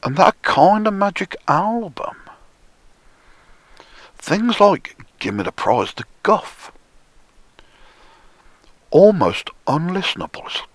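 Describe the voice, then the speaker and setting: A man delivering a profane, sneering monologue, often dropping into hushed whispers for emphasis. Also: high-pitched, very animated, takes it slowly, pauses often, no room sound. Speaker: conspiracy commentator. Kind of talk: ranting monologue.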